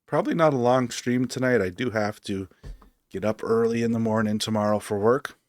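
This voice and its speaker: A man's voice: mid-range voice, fairly quick, no echo, clean studio sound. A man streaming a game, talking casually and rambling as he thinks aloud with lots of fillers. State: hiccups. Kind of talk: casual gameplay commentary.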